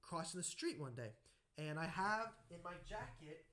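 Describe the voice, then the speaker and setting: A man hosting a podcast, telling anecdotes in a casual, animated way and acting out the voices in his stories. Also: fairly high pitch, moderate pace. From United States. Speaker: podcast host. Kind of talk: casual conversational storytelling.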